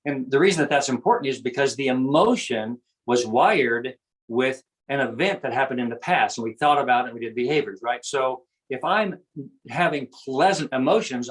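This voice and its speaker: A man of ordinary, middle pitch explains his ideas to an interviewer. He talks in an earnest, teacherly way and circles back over the same phrases. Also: rough recording. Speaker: guest speaker on self-awareness. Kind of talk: conversational explaining.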